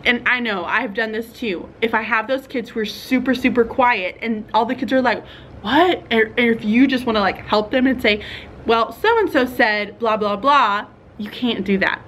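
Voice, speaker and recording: Chatty teacher woman, higher voice. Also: fairly quick, few pauses, a bit bright, slight background noise. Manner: chatty, thinks aloud with fillers and laughs. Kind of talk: casual vlog talk to fellow teachers.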